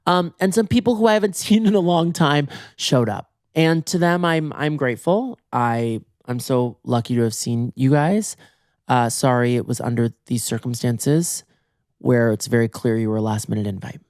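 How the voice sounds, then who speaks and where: Animated, swearing comedic host, dry sound. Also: male voice, moderate pace, no room sound. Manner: animated and exaggerated, swinging pitch for quoted voices; casual, swears freely. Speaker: podcast host. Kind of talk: solo comedic storytelling.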